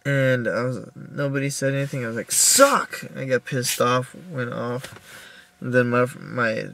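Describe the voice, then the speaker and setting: A young man recording a personal video diary in his car, upset and halting, with many restarts as he tells what happened. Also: medium pitch, flat delivery, vocal fry, a bit bright. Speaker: video diarist.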